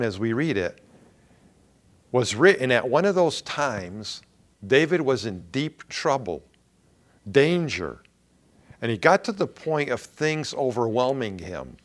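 A middle-aged pastor delivers a sermon at an unhurried, deliberate pace. His pitch swings widely as he presses each point home, and he pauses dramatically for emphasis. His tone stays earnest throughout.

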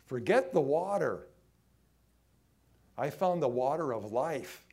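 A man preaching a sermon, emphatic, swinging between loud lines and hushed ones, drawing some phrases out. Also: mid-range voice, expressive, slow pace, vocal fry, husky. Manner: acts out quoted voices in his own voice.

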